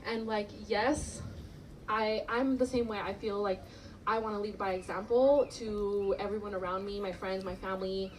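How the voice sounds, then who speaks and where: A woman's voice: medium pitch, steady tone, moderate pace, distant mic, slight background noise, poor audio. A woman in the audience asks a long, hesitant question with many fillers. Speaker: audience member asking a question.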